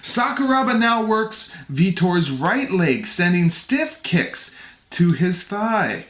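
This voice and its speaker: A man's voice: sits high, sing-song, slow pace, a bit bright, roomy sound. A man narrating a fight play-by-play for a podcast review, with jokes along the way. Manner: reads play-by-play, jokes and laughs. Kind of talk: narrating fight recap with banter.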